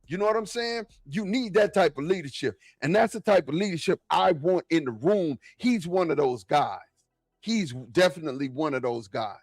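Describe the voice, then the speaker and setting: A man talking football in a casual, excitable, slangy way, often repeating himself. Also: a little high, moderate pace, breathy edge, no echo. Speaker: football podcast guest. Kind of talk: casual sports talk.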